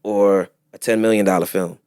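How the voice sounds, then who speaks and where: A man, an actor guest telling animated stories in a casual interview chat. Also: fairly low pitch, normal speed, smooth, no echo, clean studio sound. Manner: animated storyteller, acts out other voices with laughter.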